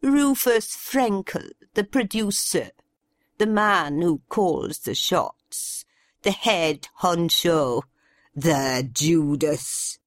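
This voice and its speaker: A woman voicing a vain, theatrical aging female television star with a grand, drawn-out delivery. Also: on the low side, animated, no echo, clean studio sound. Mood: grandstanding.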